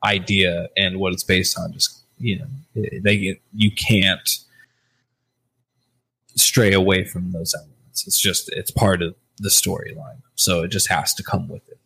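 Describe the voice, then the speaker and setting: A man with a low voice in casual podcast chat. He rambles loosely, circles back on his thoughts and swears casually. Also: little pitch movement, a little slow, vocal fry, sharp tone, husky, dry recording. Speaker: podcast co-host.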